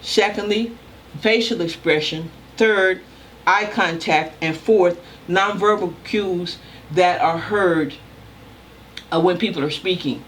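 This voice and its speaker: An older woman, a communication professor, giving a recorded lecture in a loud, emphatic, deliberate way. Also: on the low side, slight background noise.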